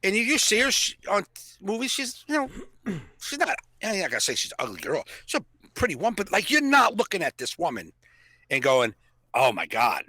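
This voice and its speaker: A man co-hosting a podcast, chatting casually and tossing in quick jokes. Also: high voice, huge pitch swings, sharp tone. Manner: wisecracking, quick joking interjections. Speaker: podcast co-host. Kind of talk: casual conversation.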